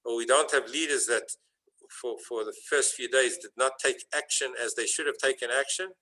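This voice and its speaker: A man giving a sermon as a rabbi, telling a story and building to fervent emphasis, with some halting restarts. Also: medium pitch, pushed and bright, rough recording.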